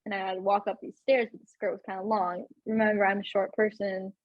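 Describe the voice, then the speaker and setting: Young woman podcast host chatting away, kinda breathy, dry close sound. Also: medium pitch, little pitch movement, fast talker, dry recording, dull audio. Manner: chatty, lots of fillers and laughs. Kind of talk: casual chat.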